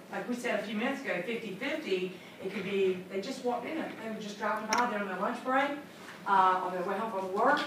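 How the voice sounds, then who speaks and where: A woman trainer leading a classroom training session, upbeat and chatty, acting out little scenes. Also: mid-range voice. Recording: echoey room from far off, noisy.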